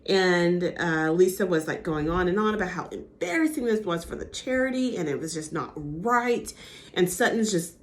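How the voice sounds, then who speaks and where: A young woman recapping a reality TV episode in casual gossip chat, animated and acting out the cast's lines. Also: on the low side, normal speed. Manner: animated, acts out quotes with impressions.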